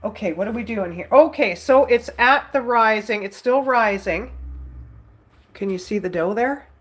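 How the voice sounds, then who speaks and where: A woman's voice: on the high side, normal speed. Chatty woman with a stuffy nose, roomy echo. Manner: rambling, chatty, warm toward her son, many "like"s. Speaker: vlogger. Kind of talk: casual chat while cooking.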